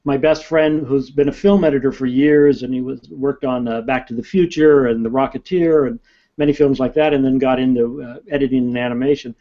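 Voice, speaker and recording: A man's voice: medium pitch, fairly quick. Chatty man with a dull, lo-fi sound. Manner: animated, talkative storyteller. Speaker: author. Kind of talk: casual interview chat.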